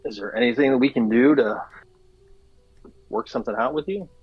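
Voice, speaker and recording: Husky-voiced male player, dry sound. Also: mid-range voice, brisk, dry recording, dull audio, soft background music. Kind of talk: tabletop game play.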